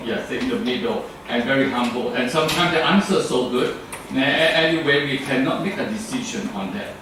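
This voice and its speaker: A man's voice: medium pitch, animated, a little fast. A man from Thailand with a Thai accent, giving a rambling club speech full of fillers and restarts. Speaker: club speaker. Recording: very echoey room from far off, faint noise.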